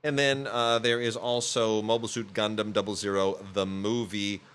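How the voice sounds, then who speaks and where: Male podcast host, low-ish but bright voice, casual rambling review chat, faint hiss behind. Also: level tone, moderate pace. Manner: rambling, many fillers and restarts. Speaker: podcast host reviewing home video releases.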